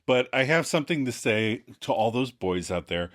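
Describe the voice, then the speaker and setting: A man's voice: medium pitch, lively intonation, moderate pace, fairly bright tone. A man co-hosting a podcast, speaking bluntly in a casual recap chat, laughing often and swearing. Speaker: podcast co-host.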